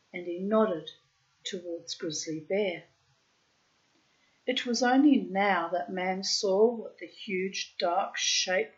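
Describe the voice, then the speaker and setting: A woman slowly reading a storybook aloud, with dramatic pacing and playful asides. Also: mid-range voice, dull audio. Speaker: storybook reader. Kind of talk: storybook narration.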